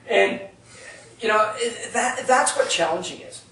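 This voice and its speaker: A man's voice: high voice, unhurried, vocal fry, sharp tone, distant mic, slight background noise. A man leading a workshop, telling a story to a live audience in a conversational way and often checking in with "right?". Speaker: workshop leader. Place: retreat meeting room with live audience. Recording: echoey room, speaker off-mic.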